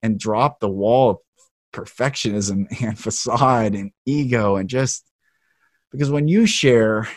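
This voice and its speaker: A man's voice: lowish voice, a little slow, no echo, studio quality. A man hosting an interview podcast, talking in an earnest, emotional, heartfelt way. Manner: earnest, emotional, speaks passionately. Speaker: podcast host.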